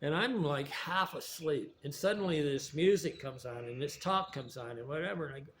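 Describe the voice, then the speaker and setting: A man with a somewhat high voice talks in a loose, wandering monologue. He often drops a sentence halfway and starts it again. A faint hum of ambience sits behind him. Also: moderate pace, hardly any pauses, a bit bright. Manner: digressive, restarts sentences. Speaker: video essayist. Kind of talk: rambling spoken monologue.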